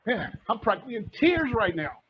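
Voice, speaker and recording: Middle-aged male motivational speaker, high husky voice, fiery and passionate, dull lo-fi sound. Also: big pitch swings, fairly quick. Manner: fiery, passionate, repeats lines for emphasis. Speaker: real estate investor giving a presentation. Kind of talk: energetic motivational talk. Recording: dull lo-fi recording.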